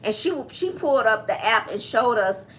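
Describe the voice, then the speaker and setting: A woman's voice: a little high, lively intonation, moderate pace, fairly bright tone, a little hiss or hum. A woman, co-hosting a casual chat and chiming in often with agreement. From Atlanta, Georgia, US. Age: 30s. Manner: chatty, frequent agreeing interjections. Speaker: co-host, daughter.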